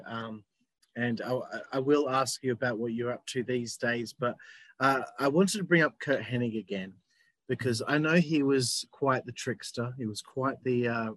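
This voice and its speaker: A man's voice: mid-range voice, normal speed, a bit bright, no room sound. A man hosting a casual interview, laid-back and friendly, asking questions. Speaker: podcast host, interviewer.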